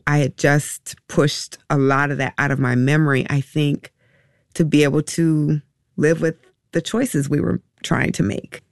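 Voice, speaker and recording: A woman with a gravelly, creaky voice tells a painful personal story in an interview. She speaks haltingly and reflectively, pausing and restarting often, and sounds close to tears. The recording is dry and close, with no room sound. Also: deep voice, little pitch movement, no room sound. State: emotional, near tears. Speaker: interview guest, a mother.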